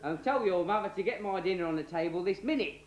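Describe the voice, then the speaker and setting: A man with a Cockney accent voicing a gruff, bossy, drunken dad in a comic story. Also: high-pitched, expressive, fast. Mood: grumpy. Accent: London Cockney. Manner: barking, grumpy. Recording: roomy echo.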